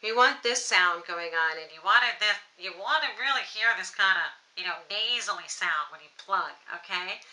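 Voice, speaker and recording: A woman voice teacher leading a playful, encouraging vocal warm-up lesson straight to camera. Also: medium pitch, low-quality recording. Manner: playful, encouraging, demonstrates exercises. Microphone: camera mic, close framing.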